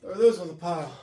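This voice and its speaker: A man unloading a trailer of car parts outdoors in the cold, out of breath and talking while he works. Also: high voice. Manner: talks while lifting and hauling, breathy pauses. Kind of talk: casual narration while working. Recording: echoey, distant camera audio with clear noise.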